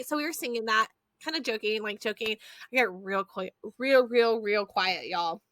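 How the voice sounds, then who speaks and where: A woman, hosting a podcast and telling stories in a lively, foul-mouthed, chatty way. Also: a little high, fairly quick, no echo. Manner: animated storyteller, swears freely, addresses listeners as y'all. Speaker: podcast host. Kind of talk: casual chat.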